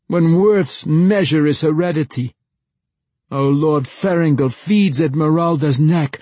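A man's voice: medium pitch, mellow, husky, no room sound, voice pushed up, lightly acted. A man voicing a brooding young man in a storybook who declaims his lines theatrically. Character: brooding young man, melodramatic would-be poet.

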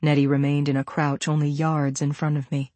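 A woman reading a first-person thriller audiobook in a steady, measured way. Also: low voice, dry recording. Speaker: audiobook narrator.

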